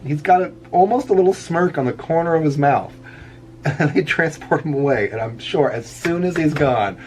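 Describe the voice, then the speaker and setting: A man's voice: fairly high pitch, normal speed, darkish tone. Chuckling middle-aged man rambling. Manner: rambling, chuckles often at his own jokes. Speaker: vlogger. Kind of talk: casual chat while drawing. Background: faint background music.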